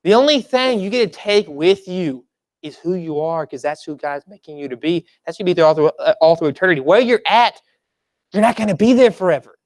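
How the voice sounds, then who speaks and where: Preacher, sermon, chatty storytelling, repeats key phrases, mid pitch, dry sound. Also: expressive, brisk, darkish tone, no room sound. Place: church service.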